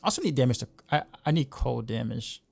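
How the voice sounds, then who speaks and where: A man's voice: medium pitch, expressive, fairly quick, vocal fry, dry recording. A man casually commenting on his game as he streams, rambling and often restarting his sentences. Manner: rambling, repeats words, laughs easily. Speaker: game streamer and music teacher.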